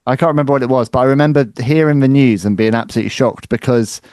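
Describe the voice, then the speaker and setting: A man's voice: mid-range voice, steady tone, racing, darkish tone, dry recording, studio quality. A man co-hosting a podcast, reflectively recalling past events aloud. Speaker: podcast co-host. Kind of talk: podcast conversation.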